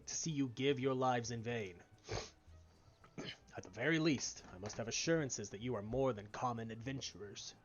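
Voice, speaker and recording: A man voicing a skeptical guard captain in a game, speaking in a stern, curt, measured way in a dull lo-fi recording. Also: medium pitch, lightly acted. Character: gruff skeptical male guard captain, blunt. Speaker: streamer reading game dialogue.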